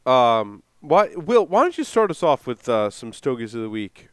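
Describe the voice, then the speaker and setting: Man, host, casual chat, teasing, smooth clear voice, dry mic. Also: mid-range voice, big pitch swings, a bit bright, no echo. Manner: upbeat, teasing, quick interjections. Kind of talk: casual podcast hosting.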